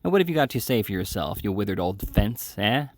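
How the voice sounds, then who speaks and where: Gruff sullen brute in a dry read-aloud, as a man voices him; lowish voice. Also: sing-song, brisk, no echo. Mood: surly. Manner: growling, resentful demands. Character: brutal sullen male housebreaker, sick and bitter.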